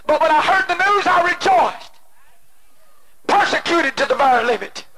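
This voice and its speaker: A male preacher delivering an impassioned sermon, moving between shouted pleading and hushed personal storytelling. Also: extremely high pitch, expressive, moderate pace. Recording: noisy old cassette tape.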